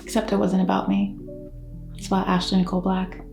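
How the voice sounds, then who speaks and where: A woman's voice: mid-range voice, monotone, fairly quick, gravelly, a little mellow, soft background music. A woman who is an actor talks to the camera during her work day, sounding tired and muttering to herself with dry jokes. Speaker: actor and vlogger. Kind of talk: talking to the camera.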